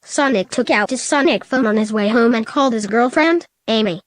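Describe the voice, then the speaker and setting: A woman's computer voice reads out a comic story, high-pitched and mechanically even. The sound is dry and close, with no room around it. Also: a little fast, no room sound. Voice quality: synthetic, flat text-to-speech reading. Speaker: narrator. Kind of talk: synthesized storybook narration.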